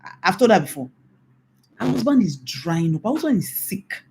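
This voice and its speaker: A woman's voice: medium pitch, very animated, moderate pace, creaky, darkish tone, slight background noise. A middle-aged Nigerian woman pastor giving a mentoring talk, emphatic and scolding, repeating her warnings. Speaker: pastor and infidelity recovery coach.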